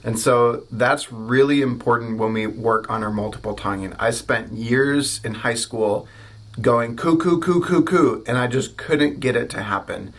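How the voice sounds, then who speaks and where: American guy teaching trumpet, clear explaining voice, says the syllables out loud, medium pitch. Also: a little slow. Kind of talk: instructional video lesson.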